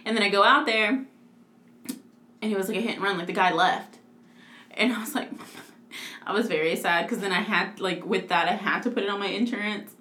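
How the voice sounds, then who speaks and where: A woman in her twenties telling a story in casual chat, animated and laughing, with lots of "like". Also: mid-range voice, a little fast, long pauses. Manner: animated, laughing, heavy use of "like". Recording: echoey room.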